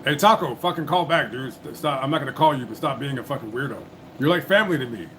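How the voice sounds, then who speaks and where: A man's voice: medium pitch, fast talker, sharp tone. Guy running a call-in stream, cusses a lot, impatient, noisy hum in the background. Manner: blunt, profane, impatient. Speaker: livestream host taking calls. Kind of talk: casual live call-in chat.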